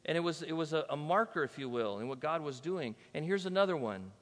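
Male pastor, fairly high voice, chatty sermon delivery, long hall reverb. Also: expressive, brisk. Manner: conversational, banters with the congregation.

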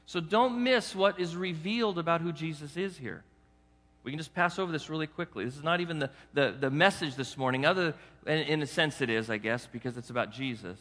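A male pastor preaches in a bright, forceful voice that sits somewhat high. He coaxes his congregation with rhetorical questions. His voice rings out in a church hall with a long reverb. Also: fairly quick. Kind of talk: sermon.

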